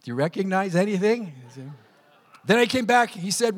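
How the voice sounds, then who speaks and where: High-voiced pastor preaching. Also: male voice, normal speed. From Canada. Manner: animated storytelling, acting out quotes. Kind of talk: sermon.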